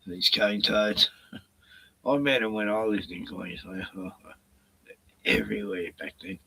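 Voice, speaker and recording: A man's voice: on the low side, takes it slowly, gravelly, pushed and bright, husky. A man with an Australian accent, chatting on a live stream in a laid-back, rambling way, swearing and chuckling often. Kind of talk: casual rambling chat.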